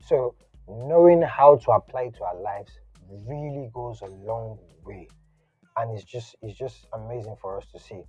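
Man, casual sermon, conversational, mellow tone, dry close sound, lo-fi recording. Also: mid-range voice, unhurried, husky, no echo. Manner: conversational, animated, slangy asides. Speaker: preacher. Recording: dull lo-fi audio, faint music.

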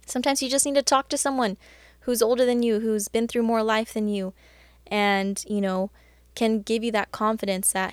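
A woman's voice: fairly high pitch, fairly even intonation, moderate pace, clear, resonant tone, no echo. A woman hosting a Christian podcast, talking in a casual, chatty and earnest way, full of "like" and "you know". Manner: earnest and encouraging. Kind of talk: casual faith talk.

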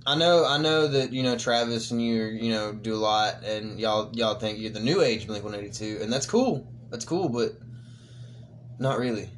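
A man's voice: on the low side, normal speed, a little hiss or hum. A man co-hosting a podcast, talking in laid-back, slangy, profane banter. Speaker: podcast co-host. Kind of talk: casual crude banter.

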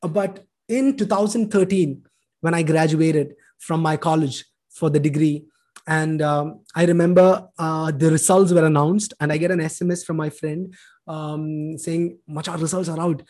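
A man's voice: a little high, fairly even intonation, unhurried, a little mellow. A man, telling his life story in an earnest, emotional testimony sermon. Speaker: preacher giving a testimony.

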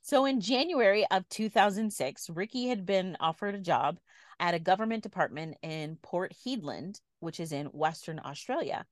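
A woman's voice: on the low side, lively intonation, moderate pace, dry recording. A woman co-hosting a podcast, telling a story in a chatty way and laughing easily. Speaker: podcast co-host. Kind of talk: casual chat, storytelling.

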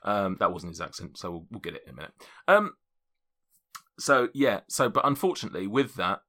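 Male game master, rambling and chatty, low bright voice. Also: sing-song, fairly quick. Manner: rambling, self-correcting, laughs often. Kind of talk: casual tabletop game narration.

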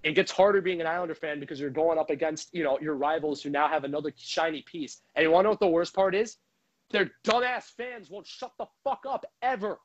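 High-voiced man on a heated hockey rant. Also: steady tone, brisk, muffled recording. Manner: heated, profane, frustrated ranting. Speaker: hockey fan commentator. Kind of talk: ranting sports commentary. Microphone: microphone.

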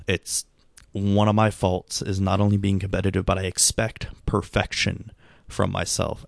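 In a lowish, gravelly voice, a middle-aged vlogger looks back on a long night in a rambling, self-critical way, sounding tired and subdued with many restarts and fillers. The casual reflective monologue is recorded dry, with clean studio sound.

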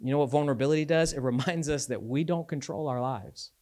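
A man preaching a sermon as a pastor, talking in a conversational, animated way with casual asides. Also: medium pitch, quick pace.

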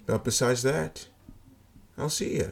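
A man's voice: medium pitch, a little slow, creaky. A young man hosting a podcast, telling a story in a blunt, profane, joking way. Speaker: podcast host. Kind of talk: casual storytelling monologue.

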